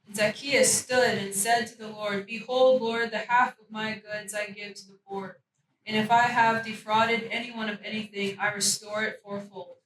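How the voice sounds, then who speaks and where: A woman in a study group reading scripture aloud at a steady pace. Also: medium pitch, normal speed. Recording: echoey room mic from far off. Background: room ambience noise.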